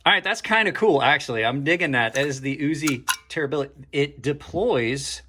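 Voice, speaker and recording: Against a noisy background, a man with a slightly high, animated voice moves briskly through a casual knife unboxing vlog. The channel's knife reviewer chats to viewers as he opens packages, trailing off mid-thought and adding dry, sarcastic asides.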